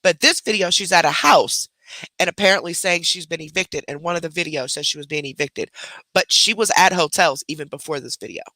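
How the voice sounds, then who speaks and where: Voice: medium pitch, fairly quick, sharp tone, no echo. A host commenting casually on played videos, talking to viewers in slang and laughing openly. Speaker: reaction commentator.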